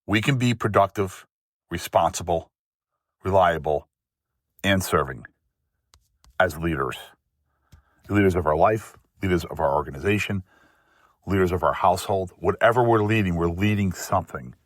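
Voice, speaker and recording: A man's voice: deep voice, normal speed, pauses often, no echo, studio quality. A man hosting a faith-based motivational monologue, speaking emphatically in rhythmic lists of short phrases. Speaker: host.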